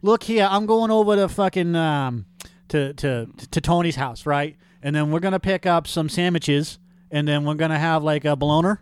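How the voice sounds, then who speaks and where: A man voicing a brash guy with a Massachusetts accent, loud and swearing, dropping his R's. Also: on the high side, moderate pace, smooth, natural voice.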